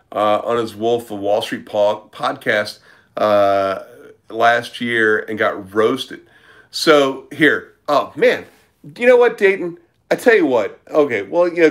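A middle-aged man talking straight to his viewers on a livestream, blunt and profane, his voice jumping up when he gets heated. He sits at an ordinary middle pitch, and his talk is loose and combative, full of fillers between the jabs. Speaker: livestream host answering viewer questions. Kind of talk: casual livestream rant.

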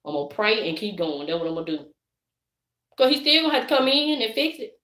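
A middle-aged woman with a Southern accent, chatting live and preaching to her viewers in a lively, direct way. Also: a little high, fast, reverberant. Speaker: vlogger. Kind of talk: casual live-stream chat.

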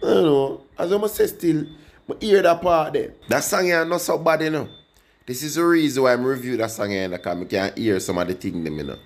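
A young man with a Jamaican accent reviews a song for his viewers, speaking in patois at a medium pitch and a brisk clip. He's a music reaction vlogger who rambles casually and stays animated, talking straight to his audience.

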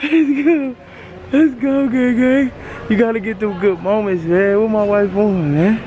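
A man with a St. filming a loud, joking vlog while shopping with his wife, teasing and laughing often. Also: sits high, unhurried, crowd noise. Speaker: vlogger, husband. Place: Walmart store, then parking lot.

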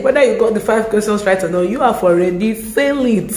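Expressive Nigerian woman vlogging. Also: mid-range voice, fast, few pauses, slight background noise. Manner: expressive storytelling with Yoruba asides. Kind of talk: casual chatty vlog. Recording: echoey room with faint music.

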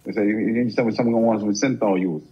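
A man's voice: on the low side, racing, husky, highs cut off. 50s man guest, jokey rambling storyteller, easy chat. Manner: loose, joking storyteller. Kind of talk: casual chat.

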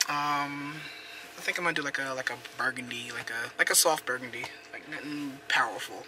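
A man's voice: medium pitch, a little fast, noisy background. A man chatting casually while he drives, rambling with lots of fillers. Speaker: vlogger. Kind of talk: casual vlog chat while driving. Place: in his car.

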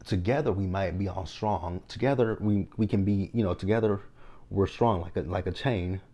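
A man's voice: low voice, normal speed, warm tone. A man giving a casual video review of a reality show, blunt, exasperated and profane as he retells the scenes.

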